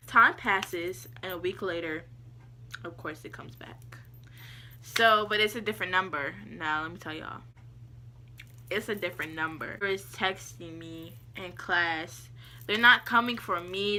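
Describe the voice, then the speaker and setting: A young woman vlogger telling a story in a casual, slangy, animated way, often breaking into laughter. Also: on the low side, a little hiss or hum.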